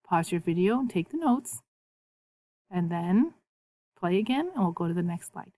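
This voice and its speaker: A woman teaching a recorded video lesson as a Spanish teacher, patiently repeating words slowly so learners can copy the pronunciation. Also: on the low side, lively intonation, warm tone, no echo.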